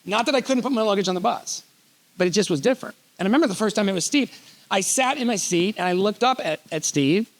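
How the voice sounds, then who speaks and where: A middle-aged man giving an animated storytelling keynote on a conference stage, joking as he goes. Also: high-pitched, fast talker. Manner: animated, reads letters aloud, jokey asides. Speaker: keynote speaker.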